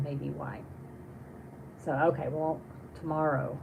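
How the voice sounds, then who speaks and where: A woman's voice: sits low, steady tone, unhurried, gravelly, background noise. A woman hosting a casual livestream, reading viewer comments aloud and chatting on in a rambling way with many restarts. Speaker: livestream host.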